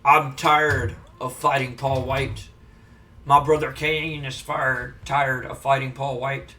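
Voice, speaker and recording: A man putting on the voice of a menacing undertaker wrestler, drawing out his threats low and slow. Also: little pitch movement, pushed and bright, distant mic. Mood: grim.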